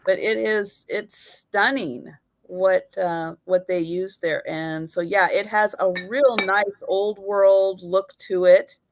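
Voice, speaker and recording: A woman hosts a live vintage sale in a relaxed, unhurried voice of middling pitch. She walks through each item with careful, detailed description. Along the way she greets her viewers by name. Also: no echo. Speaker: live sale host selling vintage items. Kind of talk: casual live-stream sales chat.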